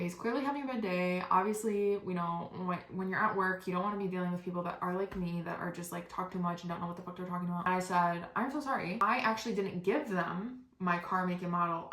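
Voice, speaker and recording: Fast-talking young woman telling stories. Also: mid-range voice, reverberant. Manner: rapid, animated, swearing, acts out others' lines. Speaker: podcast host. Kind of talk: casual storytelling monologue.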